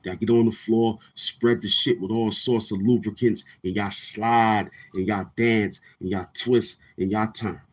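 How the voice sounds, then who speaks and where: A man's voice: fairly low pitch, fairly even intonation, a little slow, few pauses, slightly rough. A man hosting his own online morning show, boasting and trash-talking rivals in a brash, repetitive rant. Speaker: YouTube show host.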